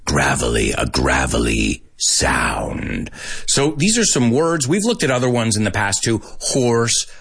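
A man teaching English vocabulary in a casual, animated lesson, mixing English with Spanish and laughing often. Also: fairly low pitch, slightly rough.

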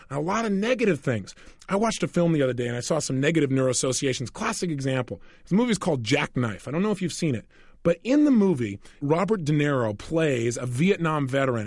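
A man's voice: a little high, a little mellow, no echo, studio quality. A man teaching a motivational audio program in a conversational way, often asking the listener rhetorical questions. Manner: conversational, acts out little scenes in quick voices. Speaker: self-help coach.

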